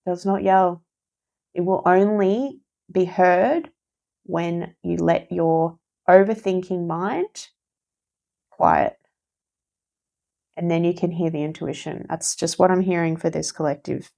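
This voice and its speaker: Tarot reader, female, lowish gravelly voice, soft and reassuring, says things twice to stress them. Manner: gentle, encouraging, repeats herself for emphasis. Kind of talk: casual spoken tarot reading.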